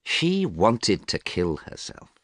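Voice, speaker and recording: A man's voice: fairly low pitch, wildly swooping pitch, slow pace, no room sound, studio quality, exaggerated voice. A man voicing a vain, cold young man who sounds bored and scornful, in a storybook reading. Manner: bored, scornful, sometimes sharp.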